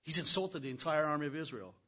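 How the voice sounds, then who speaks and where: A man's voice: fairly high pitch, fast, sharp tone, muffled recording. A man voicing an eager soldier passing on news while reading a Bible story aloud. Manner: eager, gossipy. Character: excited gossiping soldier, man.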